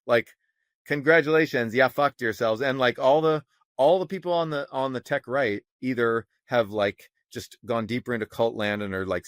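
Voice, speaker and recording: Guy ranting on a podcast, lowish voice, sarcastic, swears a lot, dry close mic. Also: dry recording. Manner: animated, sarcastic, swears freely, mocking quotes. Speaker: podcast co-host, economist. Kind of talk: casual opinionated chat.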